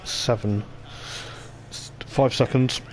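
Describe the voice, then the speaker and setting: A man with a mid-range, slightly dark voice speaks slowly and fairly evenly, giving chatty, wandering live commentary on an online racing league event. Engine noise from the racing game comes through clearly behind him.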